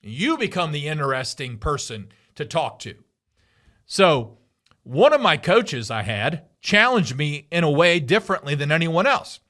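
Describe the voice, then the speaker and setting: A man's voice: a little high, sing-song, measured pace, pushed and bright. A middle-aged man hosting a podcast, giving an emphatic motivational monologue with lots of repetition. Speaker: podcast host.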